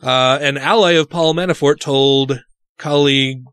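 A man's voice: medium pitch, steady tone, measured pace, a bit bright, clean tone, dry recording. A man hosting a podcast, reading news items and giving profane, indignant commentary. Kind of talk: casual chat.

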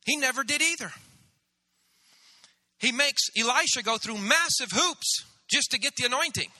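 A man pastor preaching a sermon, animated, acting out the voices of biblical figures. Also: very high-pitched, brisk. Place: church sanctuary. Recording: church hall reverb.

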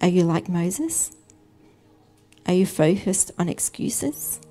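Slow, mellow-voiced woman preacher. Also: lowish voice, soft background music. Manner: calm, measured storytelling delivery. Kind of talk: sermon.

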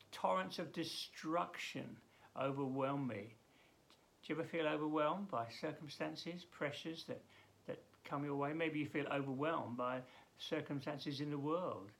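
Man, pastor, devotional Bible talk, gravelly, bright tone, earnest, stop-start. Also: medium pitch. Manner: earnest, emphatic, halting with many restarts. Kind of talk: daily devotional Bible reading.

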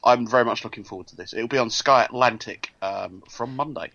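A man in his thirties with a bright, forceful voice, chatting about TV and slipping in deadpan jokes. The sound is dry and a little dull, like a modest mic. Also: medium pitch, fairly quick, dry recording. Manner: dry joking, deadpan asides. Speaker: podcast co-host. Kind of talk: casual TV chat.

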